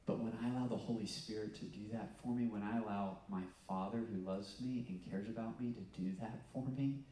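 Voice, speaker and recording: A man's voice: on the low side, fairly even intonation, a little fast, dark tone, a little hiss or hum. Preacher man in an echoey hall. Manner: conversational, storytelling with self-corrections and fillers. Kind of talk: sermon. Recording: echoey room, mic at a distance.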